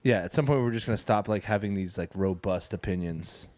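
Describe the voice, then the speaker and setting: A man's voice: lowish voice, fairly quick, a little mellow, no room sound. A man co-hosting a podcast in casual banter, asking questions in a dry way. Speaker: podcast co-host.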